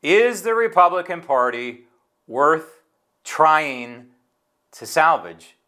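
Indignant, lively man hosting commentary. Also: a little high, slow. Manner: indignant, sarcastic, conversational. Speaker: host of a political commentary show. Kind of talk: opinion commentary monologue.

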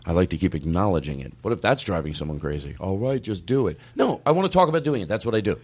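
A man's voice: low-pitched, animated, fast talker, darkish tone, slightly rough. A man hosting a comedy podcast in casual chat, rambling and self-aware, often slipping into mock voices. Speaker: podcast host.

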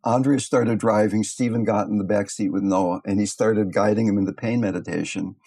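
An older man, a meditation teacher, giving a gentle, thoughtful talk and telling stories along the way. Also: lowish voice, steady tone, a little fast, slightly rough. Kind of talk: reflective talk with storytelling.

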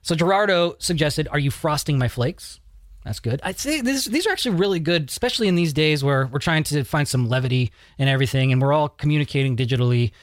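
A man's voice: a little high, animated, fast, no echo, clean studio sound. A man hosting a podcast in a loose, joking way, swearing casually as he talks. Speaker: podcast host.

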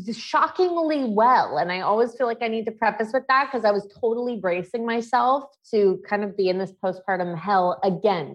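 A woman in her thirties, a podcast co-host, talking frankly and emotionally in candid personal chat and swearing freely. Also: mid-range voice.

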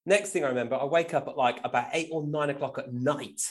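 A man appears as a guest musician, telling stories casually and with animation in a fast, medium-pitched voice. He keeps tagging "right?" onto his lines and laughs as he goes.

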